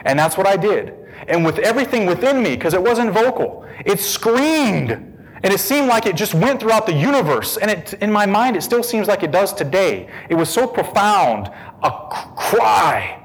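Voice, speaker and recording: Guy telling his testimony, kinda high voice, pitch all over the place, goes quiet then gets really worked up. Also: normal speed, long reverb tail, rough recording. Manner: emotional storytelling, swings from hushed to excited. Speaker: speaker giving testimony. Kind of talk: personal testimony.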